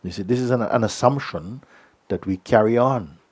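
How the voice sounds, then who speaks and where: A middle-aged man teaching as a spiritual teacher at a satsang, speaking gently and unhurriedly, often checking in with "you see?" and sometimes sinking to a soft whisper. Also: medium pitch, moderate pace, breathy edge. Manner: drops to a soft whisper at times. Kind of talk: satsang talk answering a letter.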